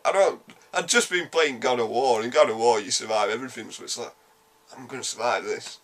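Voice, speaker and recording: A man with a Yorkshire accent giving a casual spoken game review, animated, blunt and sweary, rambling quickly through his points. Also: medium pitch. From Yorkshire, England.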